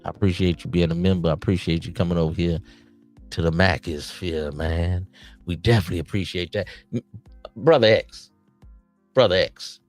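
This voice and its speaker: A man with a very low, gravelly voice runs a loose late-night podcast stream. He lectures his listeners like an uncle handing out hard-won street advice, with faint music playing behind him. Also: steady tone, fairly quick, darkish tone. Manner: streetwise, preachy advice to "nephews". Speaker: podcast host. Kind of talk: casual late-night livestream monologue.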